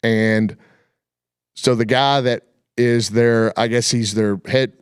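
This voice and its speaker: A man hosts a casual sports talk show, spinning his points in a folksy, colloquial way. His voice sits at an ordinary middle pitch. The sound is dry and close, with no room around it. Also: fairly even intonation, takes it slowly, smooth, no echo. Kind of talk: casual chat.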